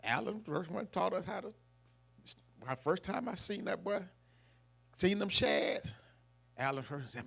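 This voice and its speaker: Middle-aged man, slightly high, gravelly voice, emotional family tribute speech with folksy outbursts. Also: expressive, moderate pace. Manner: emotional storytelling with folksy loud bursts. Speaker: eldest son giving a birthday tribute. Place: live family celebration event.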